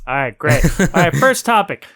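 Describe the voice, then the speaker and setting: A male podcast host with a fairly high voice, chatting casually. He jokes at his own expense and now and then breaks into loud, excited bursts. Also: normal speed, dry recording, studio quality. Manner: playful, self-mocking, loud hype bursts.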